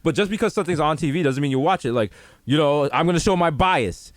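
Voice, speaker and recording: A man riffing in loose, comedic podcast banter, his voice sitting a touch high for a man. He jumps into exaggerated put-on voices for the people he quotes. The sound is close and dry, with no room around it. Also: animated, quick pace, no room sound. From the Bronx, New York. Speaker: podcast co-host. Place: home.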